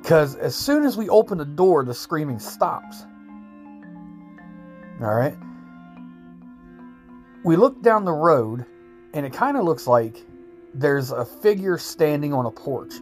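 A man telling a true spooky story in casual, rambling speech, often clearing his throat and repeating himself. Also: fairly high pitch, very animated, slow, pauses often, darkish tone, soft background music.

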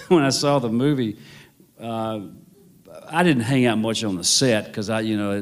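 A man's voice: lowish voice, a little mellow. A male novelist, telling a rambling, wry story full of restarts. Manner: rambling, self-correcting, wry. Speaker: novelist guest. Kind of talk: anecdotal storytelling.

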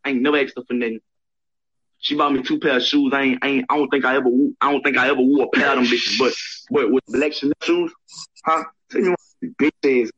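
A man ranting angrily in profane slang, repeating himself and shouting at times. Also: medium pitch, breathy edge, highs cut off.

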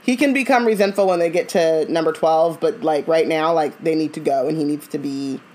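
A woman from Southern California, co-hosting a podcast in casual chat and ranting with animated asides. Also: brisk. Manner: animated, ranting, jumps into high mock voices. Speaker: podcast co-host.

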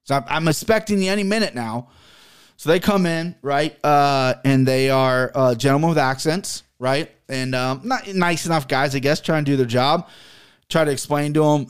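A man's voice: fairly high pitch, moderate pace, clean tone. A man hosting a podcast, telling a long exasperated story in a casual, profane way. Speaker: podcast host.

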